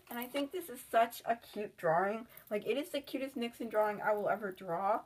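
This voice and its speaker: A woman's voice: a little high, fairly quick, few pauses, breathy edge. A woman chatting casually in a vlog about her sketchbook, rambling and filling with "like". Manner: rambling, with many "like" fillers. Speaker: artist showing her sketchbook.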